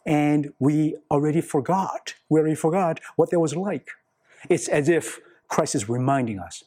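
A man's voice: a little high, normal speed, warm tone. A man preaching a sermon, earnest, repeating key words for emphasis and putting questions to the congregation. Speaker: pastor.

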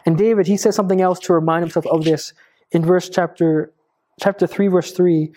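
A woman preaching a sermon, telling stories with lively swoops up in pitch for emphasis. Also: a little fast. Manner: expressive storytelling, swooping up for emphasis.

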